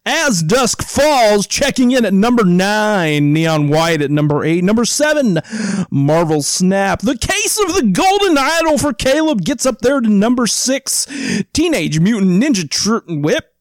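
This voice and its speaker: A booming, cheesy radio DJ, as a man puts him on in a podcast, high-pitched and showy as he hypes each entry. The sound is dry and close. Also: big pitch swings, a little slow, no room sound. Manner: booming showy announcer delivery. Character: cheesy male radio countdown DJ. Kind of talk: mock radio broadcast.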